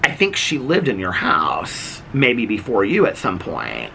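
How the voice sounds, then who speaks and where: A man vlogging, telling a long story in a chatty, animated way, full of "like" and "so anyway" and acting out what people said. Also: on the low side, a little slow, creaky, slight background noise. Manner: chatty, animated, acts out other people's lines; filler-heavy, lots of "like" and "so anyway". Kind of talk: casual storytelling.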